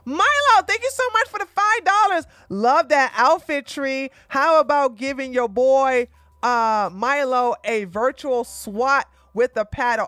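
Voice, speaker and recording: Chatty woman streamer, kinda high voice, faint music in the back. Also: expressive, measured pace, a bit bright, no echo. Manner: chatty, exclamatory, thanks viewers by name. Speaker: livestream host. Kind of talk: casual livestream commentary.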